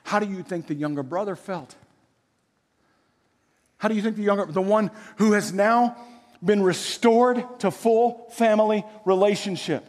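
High-voiced animated male preacher. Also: unhurried. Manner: conversational, animated, rhetorical questions. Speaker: pastor. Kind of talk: sermon. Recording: echoey hall.

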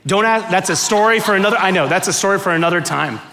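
A man in his thirties or forties from Miami in the United States gives a chatty, animated talk full of funny stories to a live audience that claps. His voice is high and fast, with vocal fry.

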